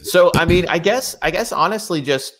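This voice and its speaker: A man's voice: high-pitched, lively intonation, normal speed, fairly bright tone. A young adult man, a voice actor guest, talking casually in an interview with many fillers and restarts.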